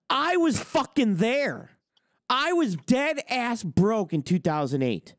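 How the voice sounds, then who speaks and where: A man in his forties rants as host, cursing freely and boasting. His pitch leaps and drops with every point he hammers home. The sound is close and dry, with no room around it. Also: very animated, takes it slowly, no echo. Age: 40s. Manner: blunt, boastful, swears constantly. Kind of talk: heated profane rant.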